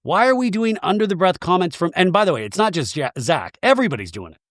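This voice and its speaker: A man hosting a podcast, giving comedic recap commentary in an animated, sarcastic way with plenty of swearing. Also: high voice, fast, dry recording, clean studio sound. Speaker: podcast host.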